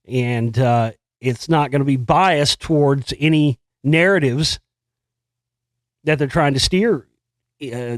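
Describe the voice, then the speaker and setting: A man's voice: a little high, no echo. A man hosting a show, casually riffing on news stories in a profane, rambling and sarcastic way. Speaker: host. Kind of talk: casual monologue commenting on news.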